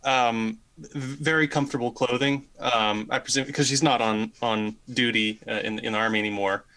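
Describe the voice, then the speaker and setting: A man's voice: mid-range voice, fairly even intonation, moderate pace, pushed and bright. Casual, tentative tabletop player, a man. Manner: casual, tentative, filler-heavy. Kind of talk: describing his character at a tabletop game.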